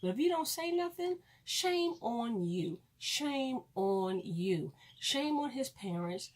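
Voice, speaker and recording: A woman's voice: mid-range voice, husky. A woman ranting on her vlog, blunt and preachy, swearing freely and repeating lines for emphasis. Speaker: vlogger.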